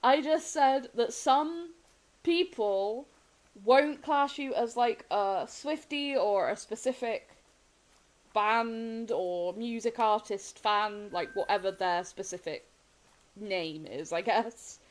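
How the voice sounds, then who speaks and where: A woman's voice: a little high, slow, rough recording. A young woman streaming a game and chatting casually with viewers, rambling, laughing often and restarting her sentences. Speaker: gaming streamer. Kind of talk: casual chat while live-streaming a game.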